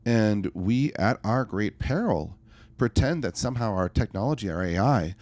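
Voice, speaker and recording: A man's voice: fairly low pitch, moderate pace. A man, a life coach and podcast guest, talking emphatically and telling stories in a conversational interview. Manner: emphatic, animated storyteller.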